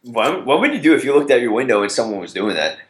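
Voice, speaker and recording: A man's voice: mid-range voice, sing-song, fast talker. Playful man in an echoey room. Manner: teasing, playful. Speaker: podcast co-host. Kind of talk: casual chat.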